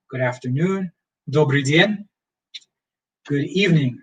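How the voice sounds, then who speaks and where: A young man teaching as a history professor in a casual livestream lecture, relaxed and rambling with many fillers. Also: medium pitch, a little slow, breathy edge, recorded from a distance, poor audio.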